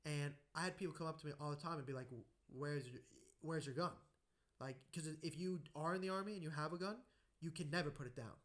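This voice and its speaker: A man hosting a podcast, telling anecdotes in a casual, animated way and acting out the voices in his stories. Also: a little high, rapid-fire. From United States. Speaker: podcast host. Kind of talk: casual conversational storytelling.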